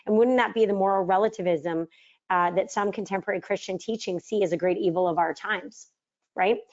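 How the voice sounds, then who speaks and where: A woman's voice: mid-range voice, brisk, highs cut off. A middle-aged woman leading a book study, talking casually, asking her audience rhetorical questions and acting out quoted arguments. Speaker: mindset trainer leading a book study course. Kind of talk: casual teaching talk.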